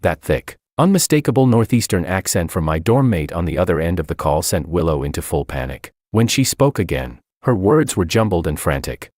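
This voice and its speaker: Deep-voiced young man narrating a story. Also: very animated, fairly quick, hardly any pauses, a little mellow, dry recording, clean studio sound. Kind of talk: first-person story narration.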